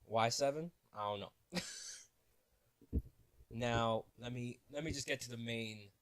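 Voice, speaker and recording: A man telling a story casually in a vlog, animated and joking, laughing at his own asides. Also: medium pitch, a little slow, dry recording. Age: 20s. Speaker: vlogger.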